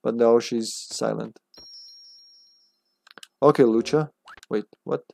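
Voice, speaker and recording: A man's voice: medium pitch, steady tone, slow, vocal fry, mellow. A man streaming a game, chatting casually as he plays, swearing freely and thinking aloud. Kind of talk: casual gameplay commentary.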